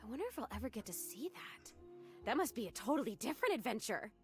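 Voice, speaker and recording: A sweet, trusting young ghost girl for a video game gushes in a high, bright voice that swoops up and down. She sounds breathless with wonder. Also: big pitch swings, fast, faint music behind.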